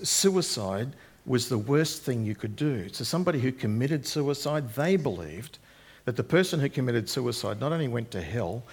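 Gravelly, husky-voiced male preacher. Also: mid-range voice. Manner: paraphrases scripture in plain conversational speech. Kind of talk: expository sermon on scripture.

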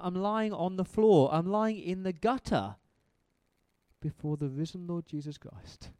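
A preacher playing Saul, the zealous persecutor. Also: male voice, on the high side, dark tone, no echo. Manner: dramatic storytelling, questions thrown to the listeners. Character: Saul, zealous male persecutor turned repentant. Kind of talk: first-person dramatic monologue in a sermon.

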